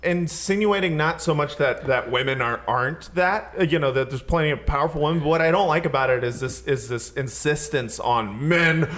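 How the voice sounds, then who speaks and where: A man's voice: a little high, brisk, hardly any pauses, fairly bright tone. A man in casual podcast chat who stammers and restarts as he works through his point.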